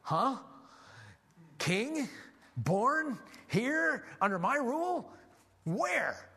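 Preacher guy doing a jumpy paranoid king, voice pushed way up high, fake nice. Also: animated, fairly quick, bright, forceful tone, exaggerated voice. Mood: startled. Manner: fake-polite, rattled. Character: paranoid scheming ancient king, man.

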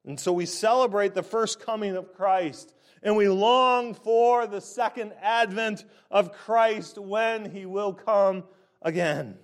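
A man with a notably high voice delivers a sermon, taking his time over each phrase. His preaching is emphatic and deliberate, leaning hard on the key words.

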